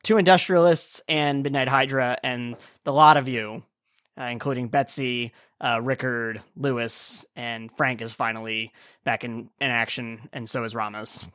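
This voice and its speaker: A man's voice: mid-range voice, fairly even intonation, normal speed, a bit bright, no echo, clean studio sound. A man narrating a tabletop game as game master, describing the scene loosely with plenty of "like" and "kinda".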